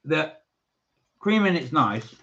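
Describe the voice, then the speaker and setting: A man's voice: a little high, big pitch swings, slow pace, a bit bright, muffled recording. A man co-hosting a casual live stream from England, chatting and reading viewer comments aloud.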